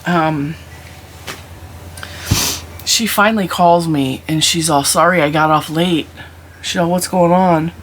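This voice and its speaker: A woman's voice: low-pitched, slow, pauses often, a little hiss or hum. A middle-aged woman hosting a crafting channel, chatting candidly at home and rambling through a personal story. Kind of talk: casual vlog chat.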